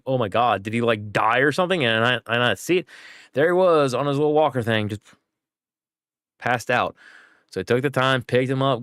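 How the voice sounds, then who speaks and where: A man's voice: medium pitch, clean tone, dry recording, clean studio sound. A young man streaming games, chatting casually and acting out voices as he tells a story. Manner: chatty, animated, acts out voices in anecdotes.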